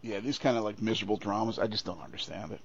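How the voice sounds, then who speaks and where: A man's voice: on the low side, fairly even intonation, rapid-fire, vocal fry, highs cut off, a little hiss or hum. A man co-hosting a casual film review podcast, sardonic, opinionated and freely profane. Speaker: podcast co-host.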